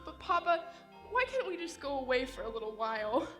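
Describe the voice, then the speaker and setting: Girl acting as a scared bride begging her dad, high bright voice, echoey stage sound. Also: expressive, fairly quick, faint music behind. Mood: pleading. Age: teens. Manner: panicked, pleading. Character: frightened young bride pleading with her father. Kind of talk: high school stage play. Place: school auditorium stage. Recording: echoey auditorium from a distance.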